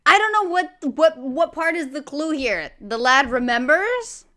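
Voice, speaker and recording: Young woman, reaction host; higher-pitched, bright and chatty, excitable. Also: measured pace. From Argentina. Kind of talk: casual reaction commentary.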